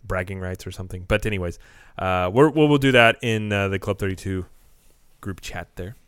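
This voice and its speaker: A man's voice: deep voice, brisk, a bit bright, clean tone, no room sound, studio quality. A man co-hosting a podcast in casual chat, rambling and joking, often correcting himself mid-sentence. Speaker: podcast co-host.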